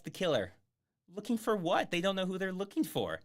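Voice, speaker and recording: Sarcastic man, swooping pitch. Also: wildly swooping pitch, fairly quick. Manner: sarcastic, swears freely. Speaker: streamer reviewing a film. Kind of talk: casual livestream commentary.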